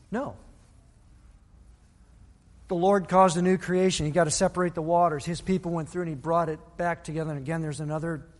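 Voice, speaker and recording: A man's voice: fairly high pitch, long reverb tail. A male pastor preaching a sermon, telling a Bible story and acting out the people's voices. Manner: storytelling, acts out biblical voices.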